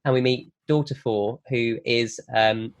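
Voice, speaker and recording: A man pitches a film as a lively story on a comedy podcast, rushing through the plot and slipping into the characters' lines. His voice sits at a middling pitch. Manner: animated storyteller, quick, acts out quotes. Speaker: guest pitching a film idea.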